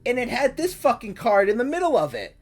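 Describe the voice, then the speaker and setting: A livestreamer chatting casually with viewers from a home setup, animated and freely swearing when ranting. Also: mid-range voice, fairly quick, faint music behind. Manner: soft cooing baby talk to the cat. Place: home streaming room.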